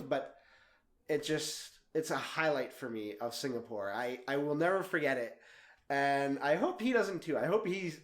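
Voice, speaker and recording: A young man in his twenties telling a travel story in a vlog, animated and laughing often as he talks. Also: on the high side, echoey room. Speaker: travel vlogger.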